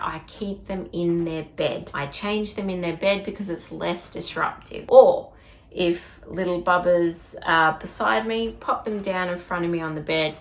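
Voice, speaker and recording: A woman's voice: on the low side, fairly bright tone. An Australian woman giving parenting tips in a casual advice vlog, talking in a direct, emphatic, chatty way. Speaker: parenting vlogger. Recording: echoey room.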